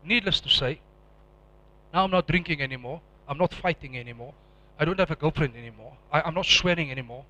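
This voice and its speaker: Intense preacher, bright voice. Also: male voice, a little high, brisk, dull audio. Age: middle-aged. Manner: emotional, swings from hushed to loud and intense. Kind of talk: personal testimony sermon.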